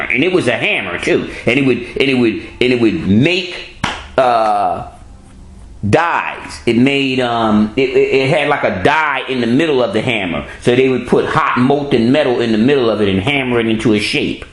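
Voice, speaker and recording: Animated New man, echoey room. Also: medium pitch, moderate pace. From New York. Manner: streetwise, profane, storytelling with many restarts. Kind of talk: casual conversation.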